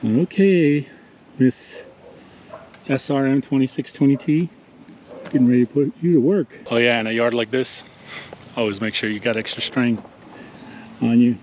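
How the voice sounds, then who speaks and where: A man's voice: medium pitch, measured pace, pauses often, a little mellow, slight background noise. A man chatting casually as a lawn care vlogger, telling stories to his viewers outdoors. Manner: chatty, storytelling, addresses viewers as ninjas. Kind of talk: casual vlog narration. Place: outdoors at a yard.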